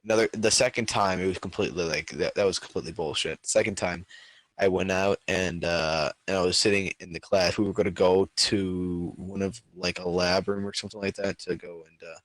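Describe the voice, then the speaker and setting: A man's voice: sits low, steady tone, fairly quick, a bit bright, no room sound. A man co-hosting a podcast, telling stories in casual chat with lots of fillers and restarts. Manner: rambling storyteller, many filler words. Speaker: podcast co-host.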